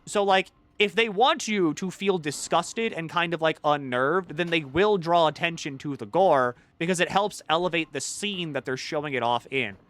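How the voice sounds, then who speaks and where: A male streamer chatting casually while playing a game, rambling and excitable, swearing freely. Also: fairly high pitch, moderate pace, hardly any pauses. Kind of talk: casual gaming-stream chat.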